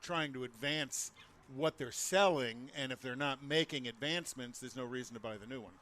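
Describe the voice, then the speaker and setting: Bright-voiced man chiming in. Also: medium pitch. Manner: quick interjections and follow-up questions. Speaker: car show co-host. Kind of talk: casual chat.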